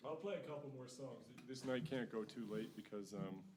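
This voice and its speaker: A middle-aged singer-songwriter from New Brunswick, telling rambling, self-mocking stories between songs at a house concert. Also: male voice, medium pitch, normal speed, background noise. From New Brunswick, Canada. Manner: rambling, self-mocking anecdotes with frequent chuckles. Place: living room at a house concert.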